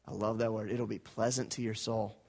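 A male pastor preaching a sermon, putting questions to his congregation and asking them to repeat lines back, swinging from loud emphatic lines to low, quiet ones. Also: flat delivery, brisk, vocal fry, breathy edge. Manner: rhetorical questions and call-and-response with the congregation.

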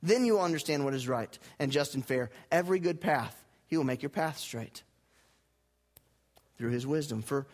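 A male pastor preaching a sermon, putting questions to his congregation and asking them to repeat lines back, swinging from loud emphatic lines to low, quiet ones. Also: lively intonation, normal speed. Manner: rhetorical questions and call-and-response with the congregation.

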